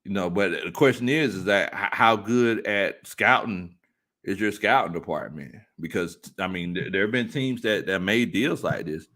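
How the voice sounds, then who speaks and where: A man hosting a casual sports talk stream, reading viewer comments aloud and laughing often. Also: moderate pace. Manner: animated, laughs often, jumps into high-pitched squeals. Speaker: sports talk show host.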